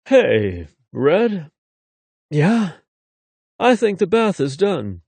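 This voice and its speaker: A male narrator voicing a confident grown man who murmurs low and teasing in a romance audiobook. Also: big pitch swings, very slow, a little mellow, husky, no room sound, exaggerated voice.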